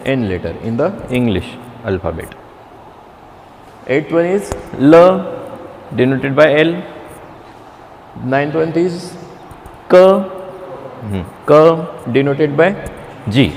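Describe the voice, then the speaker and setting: Slow-speaking male teacher in an echoey room. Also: mid-range voice, a little mellow, a little hiss or hum. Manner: slow, halting, repeats and restarts, fillers. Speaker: Chinese language teacher. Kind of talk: classroom lecture.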